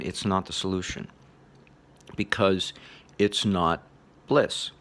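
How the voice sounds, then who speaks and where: A man giving a relaxed spoken lecture on meditation, chuckling often in a loose, playful way. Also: lowish voice. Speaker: meditation teacher.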